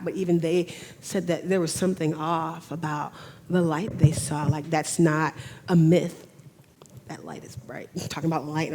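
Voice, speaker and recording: A woman giving an emotional talk on camera, speaking in a halting way and often restarting her sentences. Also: fairly low pitch. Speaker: speaker at a talk on remote viewing. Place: in front of a camera.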